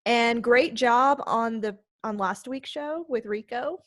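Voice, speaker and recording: A woman with a fairly high voice co-hosts a podcast in relaxed conversation. She talks in an excitable, chatty way and is quick to laugh. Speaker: podcast co-host. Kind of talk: casual podcast chat.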